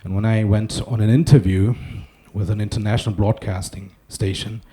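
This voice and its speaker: Dark, husky-voiced German man joking. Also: fairly low pitch, fairly even intonation, moderate pace. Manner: wry, self-deprecating storytelling with asides. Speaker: conference speaker. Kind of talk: humorous keynote talk. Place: conference hall.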